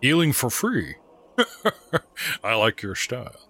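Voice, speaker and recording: A man voicing a charismatic, confident half-orc cleric who speaks smoothly and invitingly. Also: medium pitch, very animated, takes it slowly, bright, forceful tone, exaggerated voice. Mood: persuasive. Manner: smooth, welcoming, preachy.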